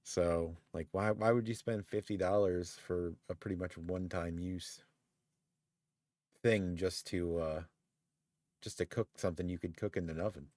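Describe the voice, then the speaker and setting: A man with a very deep voice chats easily with his co-host, laughing often and circling back on his own sentences. The sound is close and dry, with no room around it. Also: steady tone, normal speed, a little mellow, no room sound. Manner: easygoing, laughs often, rambling with restarts. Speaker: podcast co-host. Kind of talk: casual chat on a live stream.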